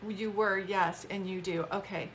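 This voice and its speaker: A woman's voice: mid-range voice, steady tone, unhurried, a little hiss or hum. Chatty heartfelt woman in her fifties. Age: 50s. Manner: chatty, heartfelt, many fillers. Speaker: psychic medium. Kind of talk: live-stream reading, casual chat.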